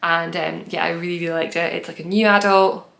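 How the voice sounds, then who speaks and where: A woman's voice: lowish voice, steady tone, fairly quick, gravelly, fairly bright tone, reverberant. A young woman hosting a knitting podcast, chatting casually and rambling with many fillers. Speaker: podcast host. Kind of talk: casual chat.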